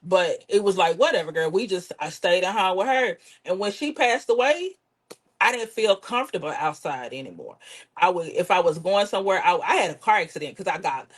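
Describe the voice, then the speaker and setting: A woman's voice: fairly low pitch, brisk, husky. A woman comedian, telling candid stories in a casual interview and acting out her relatives' voices. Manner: lively, swears, acts out relatives' voices. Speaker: comedian guest.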